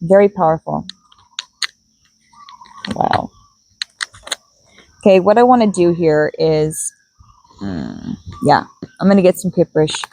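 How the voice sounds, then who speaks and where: A woman's voice: lowish voice, very animated, slow pace, pauses often, warm tone, low-quality recording. A woman giving a spiritual card reading to her viewers, musing aloud and repeating key words as she goes. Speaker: tarot and oracle card reader.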